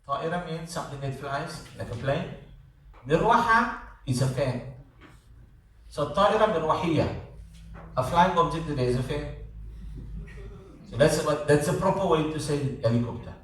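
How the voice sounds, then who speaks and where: A man's voice: on the high side, lively intonation, moderate pace, fairly bright tone, a little hiss or hum. A man teaching a class in a conversational way, repeating words and checking that students follow. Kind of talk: classroom lecture. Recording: echoey classroom, voice from far off.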